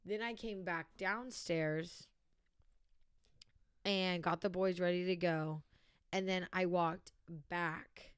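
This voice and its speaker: A woman's voice: on the low side, steady tone, slow pace, long pauses, clean tone, no room sound, studio quality. A tired young woman co-hosting a podcast, telling a long rambling story in casual chat with lots of "like"s. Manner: rambling, run-on storytelling with many "like"s. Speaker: podcast co-host.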